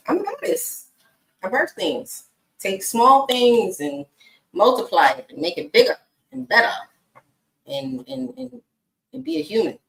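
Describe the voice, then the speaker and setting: A woman who works as a single mom coach, telling stories in a casual chatty vlog and laughing often. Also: fairly low pitch. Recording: echoey room.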